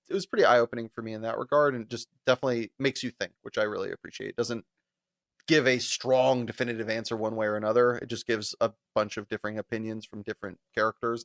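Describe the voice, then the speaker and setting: A man's voice: mid-range voice, no echo, studio quality. A man co-hosting a casual podcast chat, laughing often and acting out quoted lines as he retells scenes. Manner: animated, laughs often, acts out quoted voices. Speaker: podcast co-host.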